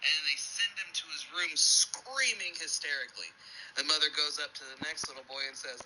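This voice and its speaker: Young man, lively crude storyteller, sharp bright tone, slightly high. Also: a little fast, a little hiss or hum, low-quality recording. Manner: animated storytelling, acts out characters with big pitch jumps. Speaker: joke teller. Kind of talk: telling crude jokes to friends.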